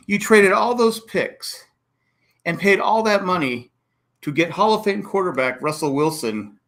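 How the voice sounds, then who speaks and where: A man hosting a casual sports podcast, talking fast and acting out coaches' and fans' reactions. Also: a little high. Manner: animated, acts out coaches and fans with exclamations. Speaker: podcast host.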